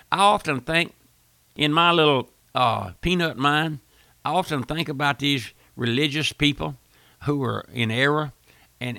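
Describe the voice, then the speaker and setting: A man's voice: mid-range voice, creaky, pushed and bright, dry recording. An older man preaching a fiery radio sermon, folksy and emphatic, repeating phrases and rising to bursts of force.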